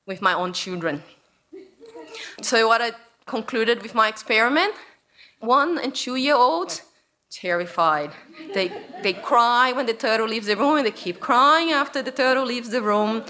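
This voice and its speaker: Bright-voiced Brazilian woman telling stories. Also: a little high. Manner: animated, playful, acts out voices. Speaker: researcher and speaker. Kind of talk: storytelling talk to an audience.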